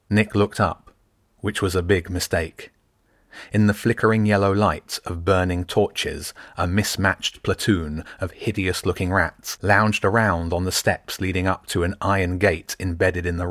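A man narrating an audiobook in a measured, descriptive way. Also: sits low, a bit bright, dry recording, clean studio sound.

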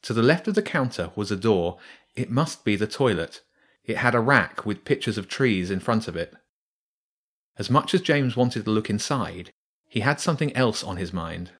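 A man narrating a children's story in a steady, measured reading. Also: lowish voice, husky.

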